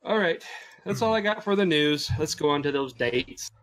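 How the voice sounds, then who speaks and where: A man co-hosting a gaming podcast, explaining the news in a relaxed, matter-of-fact way. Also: on the high side, moderate pace. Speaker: podcast co-host covering the news. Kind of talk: casual podcast chat.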